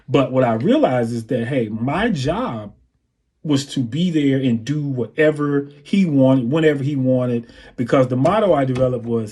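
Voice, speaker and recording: On an interview show, a guest drummer relaxes into storytelling, sharing anecdotes and scatting out drum patterns. He speaks in a mid-range voice, a little slowly, with a breathy edge.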